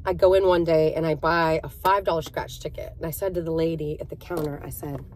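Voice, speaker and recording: A woman's voice: low voice, fairly even intonation, brisk, darkish tone. A woman vlogger telling a personal story in a casual, chatty way, often speaking straight to her viewers. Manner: chatty, conversational, with fillers and direct address.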